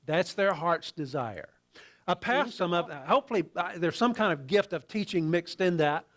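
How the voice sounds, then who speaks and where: A man's voice: high voice, expressive. Conversational male pastor preaching. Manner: conversational, halting with restarts, drops to quiet asides. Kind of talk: sermon.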